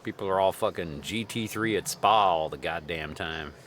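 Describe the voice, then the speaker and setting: A man's voice: low voice, moderate pace, fairly bright tone, slight background noise. A man with a put-on Southern US accent, streaming a racing sim and swearing and joking casually as he drives. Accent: put-on Southern US drawl. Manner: profane, joking, rambling. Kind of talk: casual live-stream commentary while racing.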